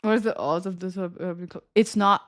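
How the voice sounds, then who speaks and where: This young streamer has a lowish voice with fairly even intonation and speaks fairly quickly. She tells rambling, giggly stories to her viewers, packed with fillers, and a retainer gives her a slight lisp.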